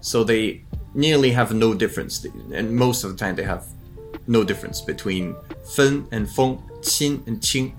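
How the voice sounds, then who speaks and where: Soft music plays in the background as a middle-aged interview guest talks in a low-leaning voice at normal speed. He's reflective and relaxed, frequently starting his sentences over and doing accent impressions through laughter.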